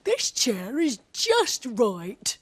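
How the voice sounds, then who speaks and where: A woman voicing a small, gentle, sleepy male bear in a storybook, drawing out his plaintive complaints. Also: on the high side, wildly swooping pitch, extremely slow, slight background noise, voice pushed up, full character voice. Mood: fussy.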